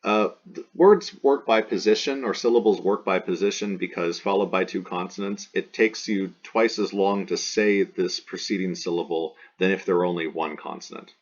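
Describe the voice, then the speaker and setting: A man's voice: low-pitched, steady tone, moderate pace, slightly rough. A man teaching a recorded language lesson, patiently repeating terms and examples and spelling out rules step by step. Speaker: Latin teacher. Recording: dull lo-fi recording.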